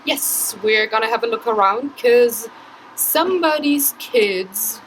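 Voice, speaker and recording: A woman's voice: on the high side, lively intonation, takes it slowly, slight background noise, rough recording. A woman vlogging in a casual, chatty way at an outdoor flea market, talking to the camera she holds and laughing easily. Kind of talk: casual chat.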